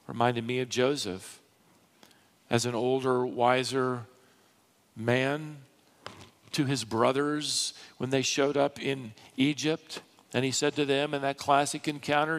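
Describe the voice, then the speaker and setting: A man preaching a sermon from a church pulpit, slow and dramatic, swelling into emphatic rises. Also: medium pitch, level tone. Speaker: pastor. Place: church sanctuary.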